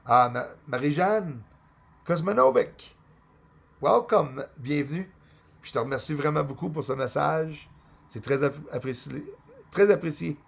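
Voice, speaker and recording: A man hosting a casual livestream, reading out chat names and greetings, his voice going hoarse and rambling between English, French and Spanish. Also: a little high, expressive, normal speed. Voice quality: gravelly, hoarse voice. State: losing his voice.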